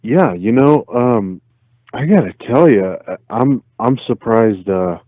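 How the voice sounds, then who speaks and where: A man calling in to a live show, talking in a relaxed, joking way with many fillers. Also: mid-range voice, takes it slowly, no room sound. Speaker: caller. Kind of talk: phone call-in chat. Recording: tinny phone line.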